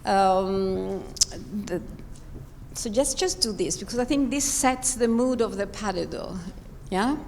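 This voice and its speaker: A woman's voice: mid-range voice, takes it slowly, gravelly, darkish tone, big-room sound, a little hiss or hum. A woman coaching dancers in a live rehearsal, emphatic and encouraging as she talks them through each step in a large performance studio. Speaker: ballet coach.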